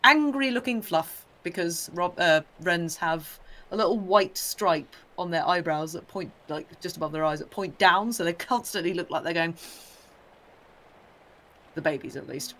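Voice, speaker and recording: A British co-host chats casually on a livestream in a mid-range, slightly bright voice. He rambles, offers strong opinions, and slips in quick asides where he acts out birds.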